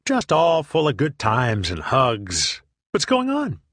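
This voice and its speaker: A man's voice: medium pitch, wildly swooping pitch, takes it slowly, a bit bright, no echo, studio quality, pitched above the performer's own voice, full character voice. A man voicing a giggly, oblivious stoned young man in an audiobook, chirpy and carefree. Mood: breezy. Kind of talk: audiobook character voice.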